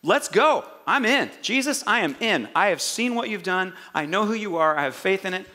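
An eager young male disciple, fearless and rallying his friends, put on by a preacher. The voice sits a bit high and rings bright with excitement. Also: moderate pace, big-room sound. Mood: fired up.

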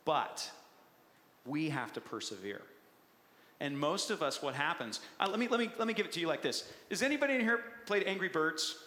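Playful, high-voiced preacher in an echoey church. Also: male voice, fairly quick. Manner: playful, animated, punchy. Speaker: pastor. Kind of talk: sermon. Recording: echoey hall with long reverb.

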